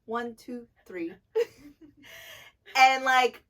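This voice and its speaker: A young woman co-hosting a casual chat, telling stories animatedly with lots of swearing and loud bursts. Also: a little high, very slow, far from the mic. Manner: animated, profane, loud bursts when retelling anger. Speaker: podcast co-host, dancer.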